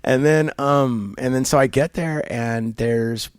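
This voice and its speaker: A man's voice: medium pitch, measured pace, clean tone, no room sound, clean studio sound. A man being interviewed, telling a long story casually with lots of fillers and acting out the voices of the people in it. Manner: animated storyteller, many fillers, acts out quoted voices. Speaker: guest. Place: barber shop.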